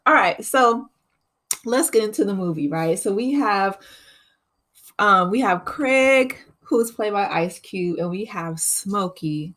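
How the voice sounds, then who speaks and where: A woman hosting her channel, chatting casually through a movie recap and laughing often. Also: mid-range voice. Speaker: channel host.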